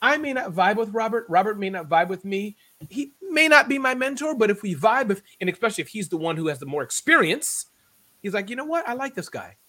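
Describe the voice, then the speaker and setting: A man's voice: sits high, expressive, brisk, pushed and bright. A man around fifty, a podcast guest talking animatedly in a casual interview, often repeating words as he builds a point. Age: 50s.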